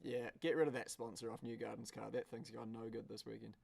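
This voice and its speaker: A man commentating a car race live on a stream. He is excitable and swears, breaking into shouts at the screen. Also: mid-range voice, fairly quick, vocal fry.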